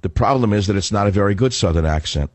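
Still getting over the flu and coughing, a male talk radio host from the northern United States delivers a combative, sarcastic monologue. He speaks quickly and animatedly in a fairly low voice, recorded dry on a studio microphone.

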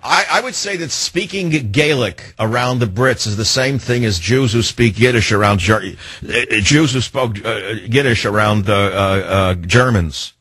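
A man's voice: mid-range voice, normal speed, few pauses, fairly bright tone, breathy edge, no echo. A man hosting a radio talk show, talking in an opinionated, emphatic and rambling way into a studio microphone.

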